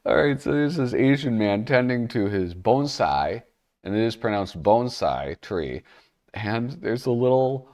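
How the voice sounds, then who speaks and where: A man's voice: on the low side, expressive, measured pace, darkish tone, distant mic. A man casually commenting while flipping through an old comic magazine, rambling and cutting himself off mid-thought. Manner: rambling, self-interrupting, chuckling asides. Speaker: comic magazine reviewer, show host.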